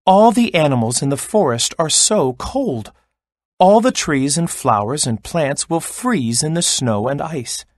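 A man's voice: on the high side, lively intonation, a little slow, dry recording. A man voicing a brave male crow in a children's storybook read-aloud, speaking earnestly and pleadingly.

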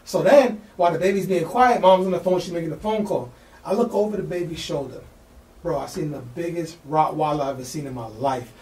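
Fast-talking New man telling a story. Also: a little high, echoey room, distant mic. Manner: excited, slangy, acts out the people in his story. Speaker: podcast guest. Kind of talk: animated storytelling.

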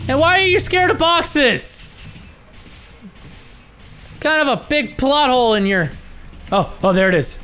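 Excitable young man swearing through a game. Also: extremely high pitch, unhurried, long pauses, slight background noise. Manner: excitable, swears a lot, yells when startled. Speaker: gaming YouTuber. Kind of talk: let's-play commentary.

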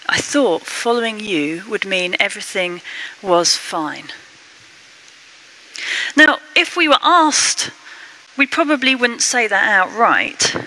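Woman, curate, sermon, expressive delivery, bright voice. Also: low-quality recording. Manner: expressive, acts out the quotes with rising pitch.

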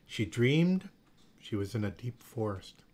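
A man reading a children's picture book aloud in a slow, expressive storytelling manner. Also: medium pitch. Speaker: storybook reader.

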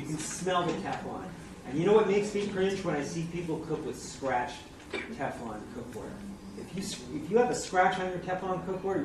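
A man giving a chatty product presentation, asking the audience questions, recorded from a distance in a noisy, echoey room. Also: on the high side. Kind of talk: live product talk to an audience.

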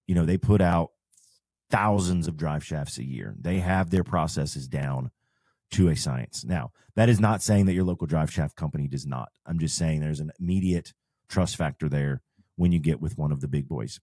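A man talks through off-road advice on a podcast, his low, mellow voice walking through each point step by step. The sound is close and dry, with no room around it. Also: moderate pace, no echo. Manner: explains step by step, conversational. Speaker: podcast host and off-road shop owner. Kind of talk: casual advice chat.

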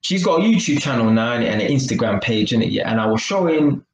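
A man's voice: medium pitch, animated, quick pace, reverberant, rough recording. A man giving a casual live-stream talk to his viewers, chatty and full of tag questions. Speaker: vlogger.

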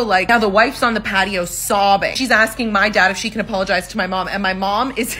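Fast, bright-voiced gossiping woman. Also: medium pitch. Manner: gossipy, acts out the dialogue, swears. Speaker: storyteller. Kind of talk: casual storytime.

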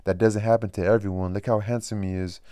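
Fawning demonic herald for an audiobook, sly and confiding, read by a man, deep and dry. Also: fairly even intonation, dark tone, dry recording, close to an everyday voice. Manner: confiding, drawn-out asides. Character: sly fawning male demonic master of ceremonies.

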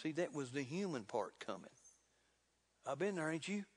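A man preaching a sermon in a folksy, fervent way, building to loud exclamations. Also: a little high, very animated, normal speed, breathy edge. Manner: folksy, repeats "look here". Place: church sanctuary. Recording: reverberant church hall.

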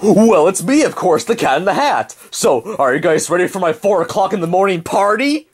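A man's voice: sits high, animated, normal speed, breathy edge. A man doing the Cat in the Hat, boastful. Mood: boisterous. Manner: boastful, joking. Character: Cat in the Hat, partying prankster cat. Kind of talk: amateur toy drama.

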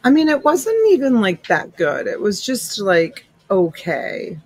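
Husky and darkish, this middle-aged live-stream reseller's medium-pitched voice makes huge pitch swings at a slightly slow pace. She chats casually, greeting viewers by name as honey and sweetheart, recorded low-quality and without room sound on a USB desk mic.

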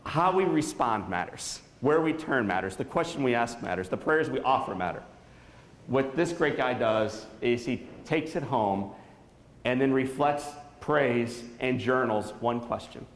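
A man's voice: mid-range voice, expressive, measured pace, a little hiss or hum. Storytelling man in an echoey hall. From Saint Louis area. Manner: dramatic storytelling, quizzing the audience. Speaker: motivational speaker. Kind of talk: inspirational keynote speech. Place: school auditorium.

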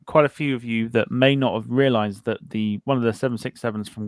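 A man talks in a relaxed, chatty way as he hosts a podcast and reads out comments from his viewers. He jokes along and trips over the odd word. His voice is mid-pitched and sounds close and dry, with almost no room sound. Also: brisk, no room sound. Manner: chatty, jokey, stumbles over words. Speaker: podcast host. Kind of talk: casual chat reading viewer comments.

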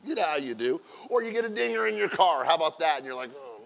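Gravelly-voiced pastor preaching a lively sermon. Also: male voice, a little high. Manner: builds from quiet asides to loud, drawn-out exclamations; acts out everyday scenes with playful quoted voices.

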